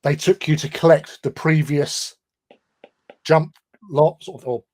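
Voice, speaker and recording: An Englishman with a somewhat high speaking voice spins a meandering anecdote. He talks casually on a livestream with lots of filler words and self-mocking laughter. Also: measured pace, darkish tone. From England. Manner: rambling, self-deprecating, laughs often. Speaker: livestream co-host. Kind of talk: casual storytelling chat.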